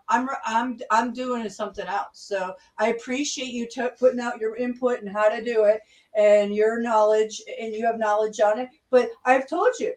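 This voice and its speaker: A woman's voice: on the high side, far from the mic, rough recording. A woman hosting a livestream discussion who talks in a heated, profane, confrontational way. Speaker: channel host.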